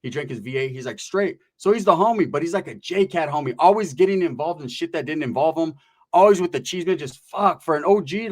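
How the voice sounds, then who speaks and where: A man from California with a voice on the high side tells a story in casual chat. His speech is rapid, profane and animated, full of street slang.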